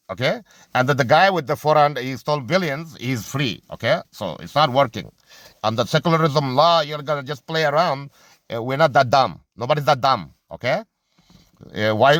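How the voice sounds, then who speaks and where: A man argues at length in an unscripted monologue, often breaking off to hunt for a word before pushing on with conviction. His voice sits at an ordinary middle pitch. The recording is dry and close, with no room around it. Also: a bit bright, no echo. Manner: halting, searches for words, many restarts and fillers; impassioned, argumentative. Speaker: commentator on religion and society.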